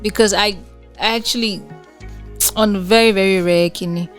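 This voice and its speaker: A woman's voice: medium pitch, fairly even intonation, moderate pace, soft background music. A woman from Nigeria, a guest musician in a casual interview, laughing often as she answers.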